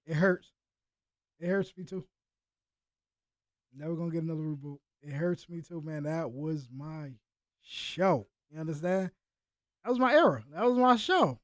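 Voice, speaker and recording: A man's voice: fairly high pitch, darkish tone, no room sound, studio quality. A man chatting casually in slang with live viewers as he reacts to a video. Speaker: reaction streamer.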